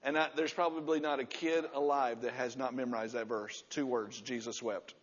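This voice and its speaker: A man in his sixties preaching a sermon, repeating key words with emphasis and dropping to a soft, low voice to stress a point. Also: fairly even intonation, normal speed. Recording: muffled sound with long hall reverb.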